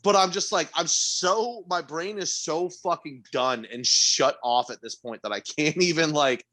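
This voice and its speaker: A man with a fairly high pitch takes his time as he shares an aggravating work tale on the podcast he co-hosts. Fed up and animated, he swears without holding back, and his disbelief sends his voice jumping up to near-shouts.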